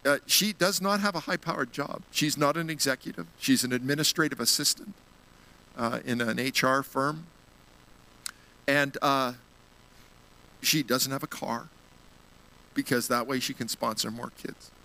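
Bright-voiced man preaching. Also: medium pitch, steady tone, unhurried, long pauses, rough recording. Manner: earnest storytelling, gets emotional. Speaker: guest speaker at a church. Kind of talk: sermon.

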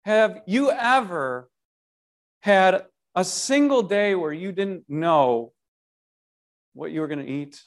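A man giving a short devotional sermon in an animated, conversational way, often restarting his sentences and asking the listener rhetorical questions. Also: high-pitched, slow pace, long pauses. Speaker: preacher.

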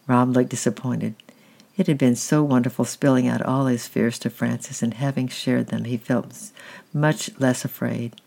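A man narrating a storybook with a calm, steady reading. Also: mid-range voice, normal speed, gravelly.

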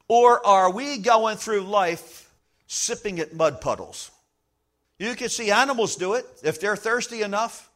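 A man preaches a sermon as a pastor, speaking emphatically in a high, somewhat bright voice. He slows down to stress key lines and acts out small everyday scenes.

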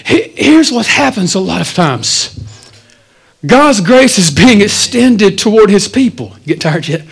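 High-voiced man preaching a lively sermon. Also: a little slow, vocal fry, breathy edge, low-quality recording. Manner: animated preaching, swinging between loud and quiet. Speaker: pastor. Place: church.

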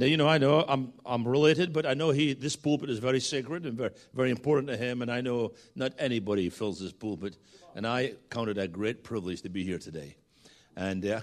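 A Scottish man preaching as a guest in a church, joking with the congregation and calling for responses. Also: medium pitch. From Scotland. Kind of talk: sermon.

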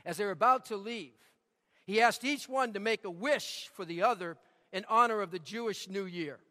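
Guy preaching a sermon in a church, pretty high voice, echo hanging in the hall. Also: normal speed, bright, forceful tone. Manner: storytelling with emphatic repetition. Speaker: pastor.

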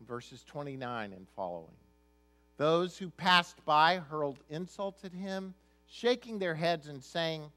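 A man's voice: on the high side, lively intonation, unhurried, sharp tone. Man preaching a conversational sermon. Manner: reads scripture then explains it in a conversational, emphatic way. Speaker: pastor.

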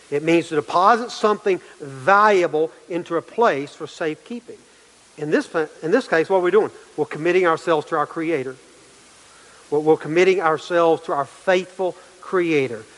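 A man's voice: fairly high pitch, moderate pace. Emphatic preacher man in a reverberant hall. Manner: emphatic preaching, repeats phrases, swings between loud and quiet. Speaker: pastor. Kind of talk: sermon.

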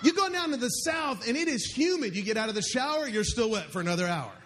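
Male pastor, high-pitched, preaches to a live church crowd, playful, keeps quizzing the congregation. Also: expressive, fast, a bit bright. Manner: joking, calls out questions to the congregation. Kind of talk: sermon.

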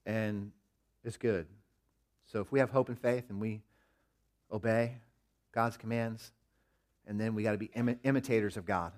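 Animated man preaching a sermon. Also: lowish voice, normal speed, long pauses. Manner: animated storytelling with acted-out quotes. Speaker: pastor.

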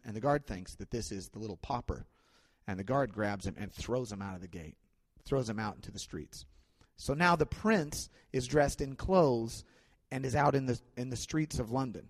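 Man retelling a story in a reverberant hall. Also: medium pitch. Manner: conversational, animated retelling that often restarts phrases. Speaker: speaker retelling a classic story to an audience. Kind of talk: informal spoken storytelling.

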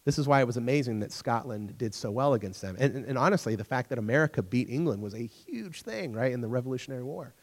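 A man's voice: medium pitch, lively intonation, fast, few pauses, big-room sound. A man giving a casual, conversational sermon to young listeners, retelling a story and acting out its characters along the way.

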